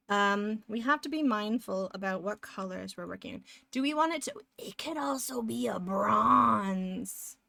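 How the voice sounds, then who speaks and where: Her voice sits on the higher side and sounds slightly bright, with no room sound at all. She's a young streamer talking casually and aimlessly with viewers, snacking between lines right up against her desk mic.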